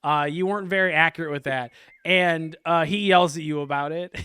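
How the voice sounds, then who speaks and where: Bright-voiced man running a tabletop game. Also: a little high, steady tone, fairly quick, clean tone, no room sound. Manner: laid-back, chuckling, many fillers. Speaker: game master. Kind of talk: narrating a casual tabletop game.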